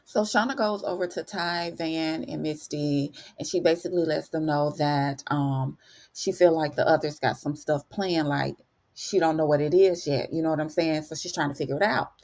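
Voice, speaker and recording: A chatty woman with a lowish voice recaps a TV episode in a casual, slangy way. She keeps calling the listener honey and acts out each character's lines with lively, animated swings in tone. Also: normal speed. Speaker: TV recap host.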